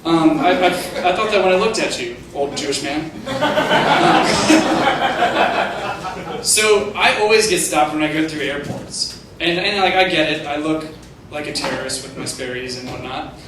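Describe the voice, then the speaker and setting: Halting young man doing stand-up. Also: a little high, lively intonation, a bit bright. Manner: halting, self-deprecating delivery with many "like"s. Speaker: stand-up comedian. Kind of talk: stand-up comedy set. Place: comedy theater stage. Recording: echoey distant room recording with noise.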